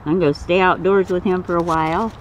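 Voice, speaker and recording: Man, slightly high voice, casual outdoor vlog, fond and chatty, dull camera audio with faint yard noise. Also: steady tone, brisk. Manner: fond, chatty, coos at his snake in a higher voice. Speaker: snake keeper filming his pets. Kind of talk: casual vlog talk to camera and to his snake.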